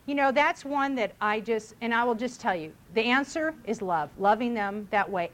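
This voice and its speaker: A woman's voice: high-pitched, fairly bright tone. A middle-aged mother giving casual parenting advice, chatty, who acts out what people say. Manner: chatty, acts out voices in quotes.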